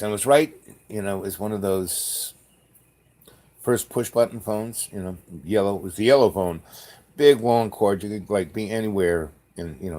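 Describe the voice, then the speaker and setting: A man with a fairly low voice tells a story in a casual way. He wanders off on tangents and restarts his sentences often. He keeps dropping in dry, jokey asides. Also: a little mellow. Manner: rambling, full of fillers and restarts, jokey asides.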